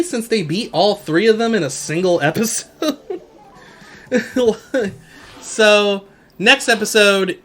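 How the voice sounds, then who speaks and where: A man's voice: a little high, fairly bright tone. A man hosting a casual solo podcast, recapping an anime in a slangy way and laughing often as he retells scenes. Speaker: podcast host.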